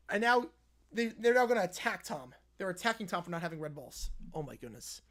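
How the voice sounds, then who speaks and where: A man's voice: high voice, big pitch swings, fairly quick, fairly bright tone. A man hosting a live stream who chats and reads a story aloud, often laughing at it. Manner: chatty, laughs at what he reads.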